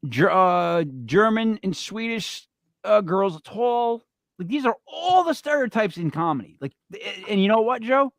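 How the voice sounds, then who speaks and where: A man with a slightly high voice banters and tells a joke on a podcast, full of ums and uhs. The sound is dry and close, with no room around it. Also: unhurried, creaky, no room sound. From Italian-American family. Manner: joking storyteller, animated joke delivery with many fillers. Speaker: podcast co-host. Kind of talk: casual chat.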